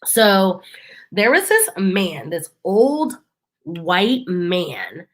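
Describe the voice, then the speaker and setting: A woman's voice: lowish voice, huge pitch swings, drawn-out words. Chatty woman vlogger, loose and casual. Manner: chatty storytelling, full of fillers. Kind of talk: casual chat.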